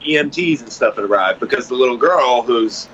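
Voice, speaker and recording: Podcast guest: man, bright and fairly high voice, animated profane storyteller, dull lo-fi audio. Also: brisk, a little hiss or hum. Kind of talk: casual storytelling.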